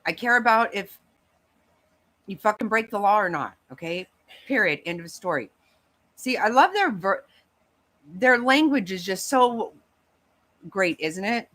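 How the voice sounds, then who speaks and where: Profane woman livestream host, heated rant, very lively pitch. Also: measured pace, pauses often. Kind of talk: angry casual rant to chat.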